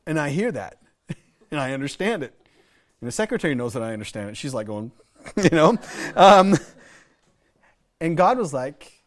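A middle-aged man from the United States delivers a sermon in a storytelling way. His pitch sits in the ordinary middle range for a man. He talks earnestly and keeps restarting his phrases and repeating words. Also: lively intonation, brisk. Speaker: pastor.

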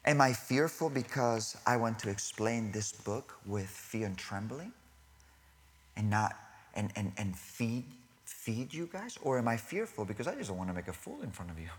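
A man preaching a sermon to a congregation. He talks in animated bursts, then drops to hushed near-whispers, and he corrects himself and laughs in asides. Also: on the low side, normal speed.

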